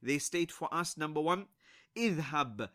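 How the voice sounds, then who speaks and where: Man slowly teaching Arabic grammar. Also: on the high side, lively intonation, a bit bright. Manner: slow and deliberate, repeats each example; mixes Arabic and Islamic phrases into English. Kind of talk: classroom lesson, explaining and translating examples.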